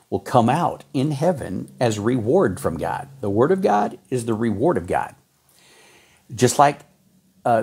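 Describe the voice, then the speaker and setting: Fired-up preacher guy, husky low voice, folksy, jumps up high when he reads the verses. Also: a little mellow. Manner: fervent, exhorting, reads scripture aloud with sudden pitch jumps; folksy, says y'all and man. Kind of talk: sermon.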